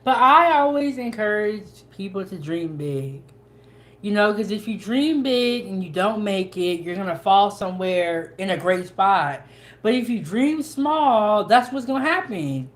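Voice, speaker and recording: A woman's voice: mid-range voice, animated, unhurried. A young woman, hosting a cooking channel in casual, folksy chat as she eats. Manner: chatty, folksy, with dialect grammar. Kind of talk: casual chat while eating.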